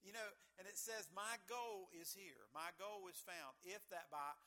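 A middle-aged man, a pastor, preaching a sermon in an earnest way, with loud emphatic lines and quiet asides. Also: sits high, unhurried.

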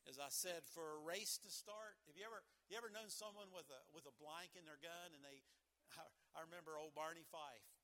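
A middle-aged male pastor preaching a sermon in a church, emphatic and folksy, swinging from loud exhortations down to near-whispers and repeating his numbered points. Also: a little high, fairly quick. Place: church sanctuary. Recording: long hall reverb.

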